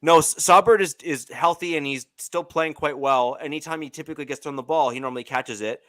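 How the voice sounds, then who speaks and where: Canadian man, higher voice, dry sound. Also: brisk, bright, forceful tone, dry recording. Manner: hesitant, many fillers and restarts. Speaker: podcast co-host. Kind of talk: casual sports chat.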